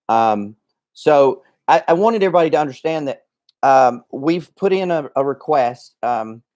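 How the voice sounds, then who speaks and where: A man hosting a casual livestream who rambles along with plenty of ums and restarts. He sounds a little out of breath. His voice sits at an ordinary middle pitch. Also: a little mellow. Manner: rambling, chatty, many fillers and restarts. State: slightly out of breath. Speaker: livestream host.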